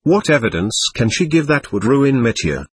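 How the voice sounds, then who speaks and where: A man reading a timid, grieved young man pleading with his brother, in a husky voice. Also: medium pitch, very animated, normal speed, dry recording.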